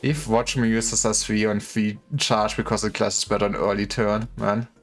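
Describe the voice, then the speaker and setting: Rambling low-voiced male game streamer. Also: little pitch movement, normal speed. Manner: rambling, thinks aloud with restarts. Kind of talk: casual gaming commentary. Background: faint game music.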